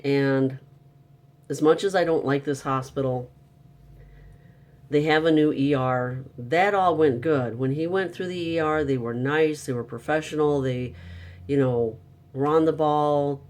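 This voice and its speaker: A man's voice: a little high, a little slow. A man telling a frustrating story in a casual, upset monologue, venting and exasperated. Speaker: vlogger.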